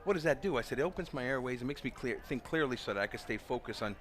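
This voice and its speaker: A man who coaches track, giving color commentary at an outdoor meet and telling lively stories. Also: mid-range voice, fast talker. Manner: animated storyteller, voices quoted people loudly. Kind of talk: live sports commentary with storytelling.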